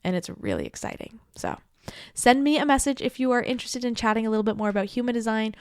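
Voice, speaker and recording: A woman's voice: fairly high pitch, steady tone, fast talker, clean tone, no echo, clean studio sound. A woman hosting a solo podcast, giving a heartfelt, emphatic pep talk straight to her listener. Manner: warm, emphatic, encouraging, speaks directly to listener. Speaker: podcast host.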